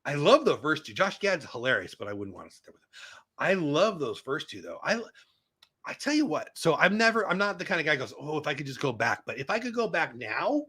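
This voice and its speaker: A man in his fifties hosting a casual live stream, reading viewer comments aloud and reacting with excitable, chatty asides. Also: on the high side, a little fast, slightly rough. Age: 50s. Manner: animated, excitable, talks back to chat.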